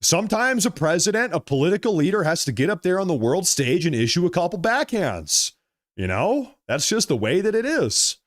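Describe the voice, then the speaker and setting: A man's voice: high-pitched, very animated, brisk. A man hosting a political livestream, reading viewer comments aloud and answering them in an emphatic, repetitive way. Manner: emphatic, repeats phrases, thanks viewers by name.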